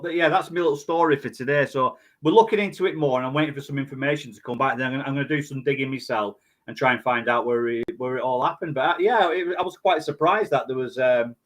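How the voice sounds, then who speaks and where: Male co-host, mid-pitched, rambling storyteller full of restarts. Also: bright, forceful tone. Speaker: podcast co-host. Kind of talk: casual chat.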